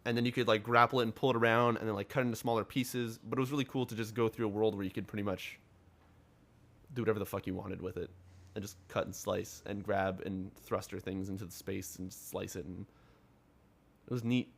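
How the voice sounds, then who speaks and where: A man's voice: fairly low pitch, fairly even intonation, brisk, vocal fry. A man co-hosting a casual gaming podcast, rambling and profane, loose and filler-heavy. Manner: rambling, laid-back, profane, lots of filler words. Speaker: podcast co-host.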